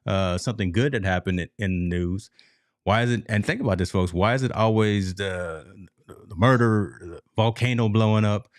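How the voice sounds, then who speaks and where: A man's voice: fairly low pitch, normal speed, no room sound, clean studio sound. A man co-hosting a casual sports talk show, telling stories animatedly and addressing the listeners as folks. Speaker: podcast co-host.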